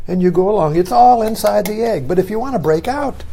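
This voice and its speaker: A man's voice: sits high, expressive, a little fast, vocal fry, warm tone. An older man giving a rambling philosophical talk he records himself, musing aloud and often tagging phrases with "you see.". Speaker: online talk host.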